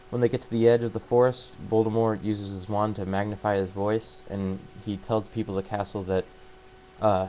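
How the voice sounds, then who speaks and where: Man with a low, even delivery, casually retelling a story; stumbles and restarts often. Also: slight background noise, poor audio. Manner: halting, full of fillers and restarts. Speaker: book summarizer. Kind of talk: casual spoken plot retelling.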